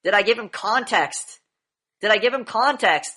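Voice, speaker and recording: A woman's voice: mid-range voice, lively intonation, normal speed, bright, forceful tone. Blunt, profane woman acting teacher. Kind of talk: classroom acting instruction.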